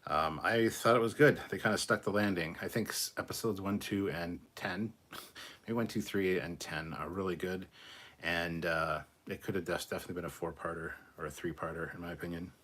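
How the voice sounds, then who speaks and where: A man with a deep, low, slightly bright voice hosts a casual live stream, reading viewers' super chats one by one in a steady tone at a brisk clip. His talk is loose and rambling, full of fillers and restarts.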